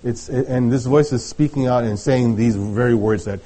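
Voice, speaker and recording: A middle-aged man preaching a sermon in a conversational, halting way, often restarting his sentences. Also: mid-range voice, mellow, slightly rough. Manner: conversational, halting with many restarts and light laughs. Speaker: pastor.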